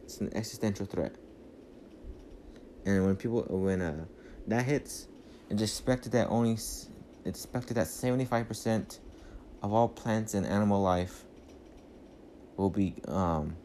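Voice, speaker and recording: A man's voice: lowish voice, unhurried, warm tone, slight background noise. A man rambling through a casual movie recap on a phone mic, full of fillers and restarts. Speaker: podcast host.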